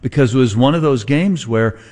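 A man's voice: medium pitch, brisk, darkish tone. A man hosting a sports talk show, rambling and thinking aloud as he chats about games. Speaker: sports radio host.

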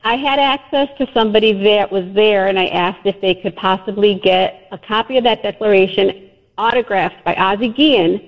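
A woman's voice: mid-range voice, normal speed. A woman phones in to a radio show and tells her story with frequent ums. Her voice comes through a dull, muffled line. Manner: hesitant, chatty. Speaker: caller. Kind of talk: call-in chat.

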